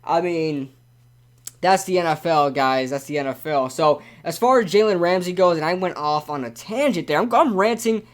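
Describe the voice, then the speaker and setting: A man's voice: a little high, moderate pace. A young man hosting a casual live-stream sports talk show, rambling and ranting animatedly with lots of repeats.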